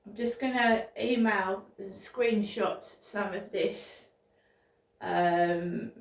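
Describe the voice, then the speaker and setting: A woman, telling a rambling personal story in a casual vlog, often repeating words and restarting sentences. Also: medium pitch. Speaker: vlogger. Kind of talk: casual spoken diary. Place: indoors at home. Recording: roomy, from a distance.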